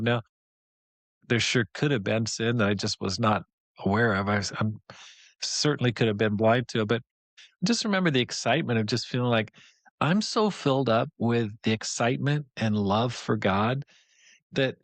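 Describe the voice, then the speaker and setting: A man's voice: mid-range voice, no echo. Male podcast host, devotional teacher; earnest, conversational, encouraging, mid-range voice.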